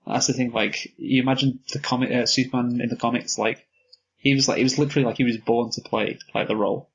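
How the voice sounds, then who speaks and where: A man's voice: medium pitch, little pitch movement, fast, husky, dull audio. A man co-hosting a casual film review podcast, chatty and agreeable, peppering his talk with "like". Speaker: movie review podcast co-host.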